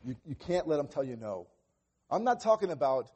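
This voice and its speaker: A man's voice: on the high side, sing-song, fast talker, darkish tone, slightly rough. A male pastor preaching a sermon, earnest and conversational, acting out little exchanges with children. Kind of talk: sermon on parenting.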